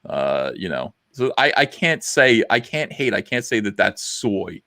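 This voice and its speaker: A man's voice: on the low side, very animated, measured pace, sharp tone, dry recording, clean studio sound. A middle-aged man hosting a casual livestream chat, rambling and blunt with lots of fillers. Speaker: livestream host.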